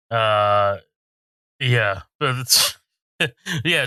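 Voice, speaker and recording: A man's voice: medium pitch, expressive, normal speed, pushed and bright, smooth, dry recording, clean studio sound. An Australian man co-hosting a podcast, chatting casually about a film, laughing and swearing. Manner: laughing, swearing, mocking quotes. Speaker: podcast co-host.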